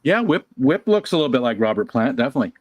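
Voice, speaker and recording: Lively man, very expressive pitch. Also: very fast, no echo, muffled recording. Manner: expressive, jokey, acts out quotes. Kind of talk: casual chat.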